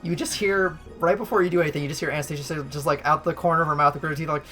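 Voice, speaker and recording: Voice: medium pitch, fairly even intonation, very fast, bright, forceful tone, soft background music. A game master narrating a tabletop game, rambling and full of fillers.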